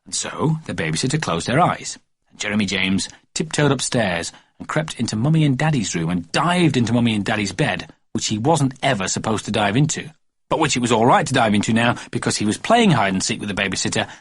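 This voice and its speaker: Male audiobook narrator for a kids' story, animated, husky. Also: on the low side, a little fast, dry recording.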